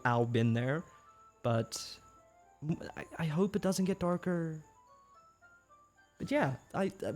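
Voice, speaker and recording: A man live-streaming a game who chats with viewers, laughs often and stammers when he gets flustered. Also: on the high side. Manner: giggly, excitable, laughs often. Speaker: livestreamer. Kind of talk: casual live-stream chat, reading chat aloud.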